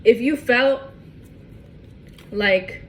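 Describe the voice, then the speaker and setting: A woman's voice: on the high side, very slow, a bit bright, low-quality recording. A woman doing a casual tarot reading to camera, emphatic and repetitive, often restarting her phrases. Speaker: tarot reader.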